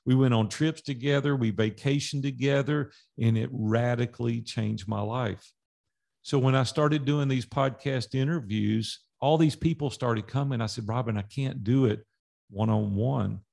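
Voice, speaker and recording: Gravelly man telling a story. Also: medium pitch, moderate pace. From Nashville, Tennessee. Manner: animated storyteller acting out dialogue. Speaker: podcast guest. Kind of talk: storytelling in a casual interview.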